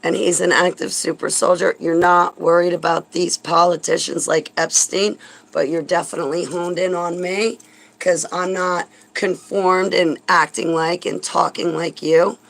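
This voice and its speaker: A woman's voice: fairly low pitch, flat delivery, a little slow, gravelly, low-quality recording. A woman vlogger delivering a heated, sarcastic religious rant, indignant and swearing when angry.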